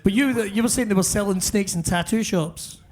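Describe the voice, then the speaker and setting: A man's voice: high voice, a little fast, a little mellow. A man hosting a live podcast on stage. He teases his guests, jokes and swears. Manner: joking, teasing, sweary. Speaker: podcast host.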